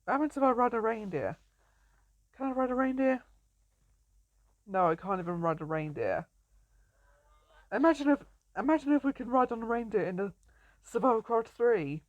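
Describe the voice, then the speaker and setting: The speaker is a young woman doing relaxed let's-play commentary on a survival game, chatty and playful, frequently laughing and greeting animals. Her medium-pitched voice is recorded dry, and the highs are cut off.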